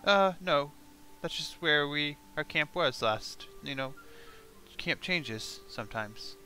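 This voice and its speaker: A man's voice: on the high side, animated, takes it slowly, pushed and bright, soft background music, exaggerated voice. A man voicing a terrified captive male goblin who stammers and repeats himself as he pleads. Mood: nervous. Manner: stammering, panicky repetitions.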